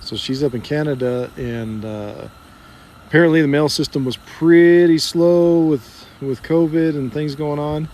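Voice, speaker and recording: A man's voice: a little high, fairly even intonation, unhurried, a little mellow, a little hiss or hum. A rancher hosting a casual live stream outdoors. He chuckles often and talks in a folksy way to his animals and his viewers.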